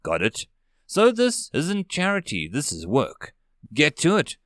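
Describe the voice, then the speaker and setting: A woman's voice: low voice, wildly swooping pitch, unhurried, dry recording, full character voice. Guy reading as a bossy woman marshal barking orders in a sci-fi audiobook, voice jumps around a lot, dry close sound. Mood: commanding. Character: stern, commanding woman marshal, quick to give orders.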